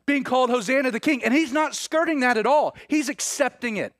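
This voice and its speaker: A man's voice: very high voice, a little fast, fairly bright tone, no echo, studio quality. A man preaching a sermon, retelling scripture as a story and acting out the quoted speech with many restarts. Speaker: pastor.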